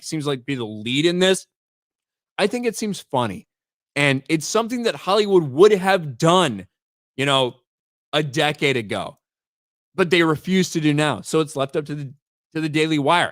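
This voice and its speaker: A male livestream host offers casual commentary in a fairly high voice, recorded dry and at studio quality. He's blunt and profane, repeats words when starting sentences, and reads chat names out loud.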